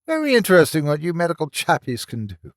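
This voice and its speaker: A man voicing a sinister male villain who speaks in an irritating high falsetto and sneers. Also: wildly swooping pitch, quick pace, dry recording, studio quality. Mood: menacing glee.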